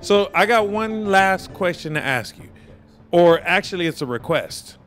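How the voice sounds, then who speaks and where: A man's voice: sits high, animated, unhurried, a bit bright. A man hosting a man-on-the-street interview, joking and teasing the people he stops outdoors.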